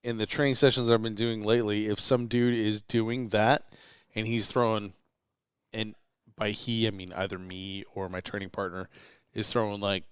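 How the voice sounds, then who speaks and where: A man chatting as a podcast guest late at night, telling lively anecdotes. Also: lowish voice, moderate pace, clear, resonant tone, dry recording, clean studio sound. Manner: storytelling, animated anecdotes. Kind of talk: late-night casual chat. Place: indoors in a rental house.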